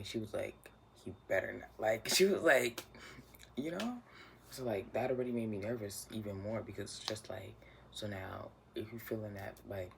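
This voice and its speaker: A man's voice: on the low side, creaky. A young man casually telling a personal story, chatty and slangy, often dropping to a near whisper. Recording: noisy room ambience.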